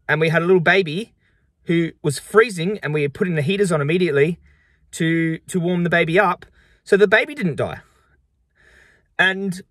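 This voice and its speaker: A man's voice: a little high, fairly bright tone, no room sound, clean studio sound. A young man vlogging to camera, upset and frustrated, talking in emphatic, defensive bursts and repeating himself.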